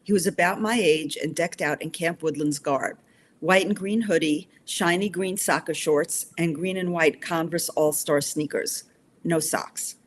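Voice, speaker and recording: A woman author reading her novel aloud in steady first-person narration. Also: low voice, measured pace, a little hiss or hum.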